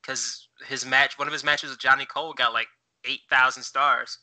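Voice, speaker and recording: A man co-hosts a casual chat podcast. His voice is very bright and smooth, and he rambles along with plenty of fillers, checking things as he talks. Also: mid-range voice, level tone, normal speed, rough recording. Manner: rambling, many fillers, looks things up while talking. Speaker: podcast co-host.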